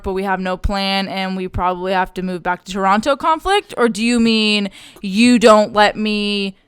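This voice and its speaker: A chatty young woman co-hosts a podcast from a home setup that's live-streamed, rambling casually and playing with her voice. Her very crisp, high, bright voice, which her partner calls tinny and loud, is recorded close on a podcast mic with studio quality and no room sound.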